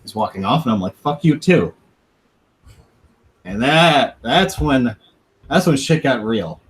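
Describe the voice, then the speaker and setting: A man's voice: mid-range voice, animated, moderate pace, fairly bright tone, low-quality recording. A man on a podcast casually telling a long profane story, laughing now and then and acting out what others said. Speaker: podcast host.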